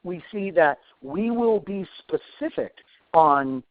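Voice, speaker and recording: A man's voice: sits high, expressive, takes it slowly. Chatty male instructor on a tinny line. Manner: chatty, self-deprecating asides. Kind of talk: live webinar Q&A. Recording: tinny phone-like dry sound.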